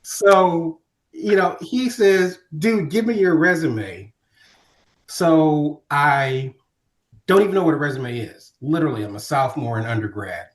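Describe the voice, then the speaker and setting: A middle-aged man from Ohio, telling stories as a podcast guest in a lively conversational way and acting out other people's voices. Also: on the high side, unhurried. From Ohio, USA. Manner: animated storyteller, acting out quoted voices. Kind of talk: storytelling in casual conversation. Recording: roomy echo.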